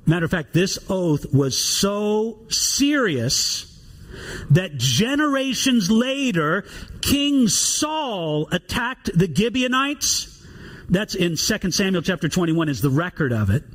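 A man preaching a sermon, reading scripture aloud and explaining it in an animated way. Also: high voice, takes it slowly. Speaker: pastor.

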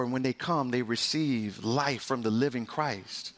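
A man pastor delivering a sermon, preaching with passion and sharp swings in pitch and pace. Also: a little slow, hardly any pauses.

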